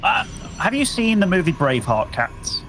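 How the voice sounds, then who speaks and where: A man's voice: medium pitch, very animated, moderate pace, fairly bright tone, soft background music. A man casting a live strategy game match, chatty and upbeat, bantering with his co-caster. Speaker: esports caster.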